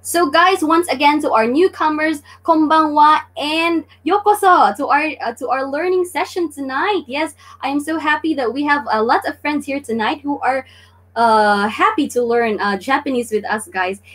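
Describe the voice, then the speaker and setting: A woman's voice: sits high, moderate pace, a bit bright. A woman from the Philippines hosting a casual live-streamed Japanese lesson, chatty and full of fillers. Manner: chatty, many fillers and "guys".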